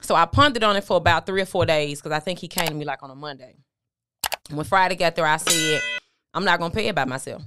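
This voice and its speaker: A middle-aged woman, a motivational speaker, guests on an interview show and conversationally recounts a candid personal story, quoting what people said. Her voice sits low and she talks fast, though the recording is very noisy.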